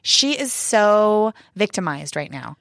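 A woman's voice: mid-range voice, slow, no echo, studio quality. A woman in casual conversation, telling a story with lots of fillers and acting out what others said. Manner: animated retelling, acts out quoted voices, many fillers. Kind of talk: casual chat.

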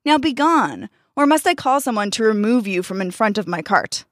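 A woman's voice: fairly high pitch, animated, moderate pace, dry recording, clean studio sound, close to an everyday voice. A woman voicing a proud, greedy male pear farmer who scolds and dismisses people. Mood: scornful.

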